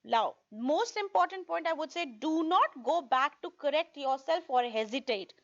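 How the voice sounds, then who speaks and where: A woman with a high voice gives a recorded test-prep lesson, going over tips and often pausing to ask "okay?". The sound is a bit dull and lo-fi. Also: expressive. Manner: repeats points, checks in with "okay?". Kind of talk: online video lesson.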